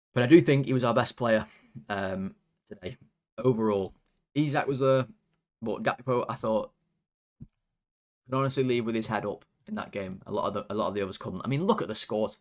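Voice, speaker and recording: A man's voice: on the low side, expressive, normal speed, long pauses. A man who hosts a football fan channel. He rants casually and animatedly, swearing, and often sounds exasperated.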